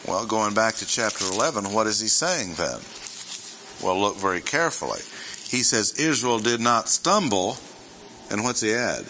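A man giving verse-by-verse Bible teaching to a gathered group, deliberate and emphatic, stressing and repeating his key points. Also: medium pitch, pushed and bright, a little hiss or hum, rough recording.

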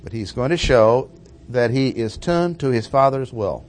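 A man preaching a measured expository Bible teaching, stressing and repeating key phrases. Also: mid-range voice, lively intonation.

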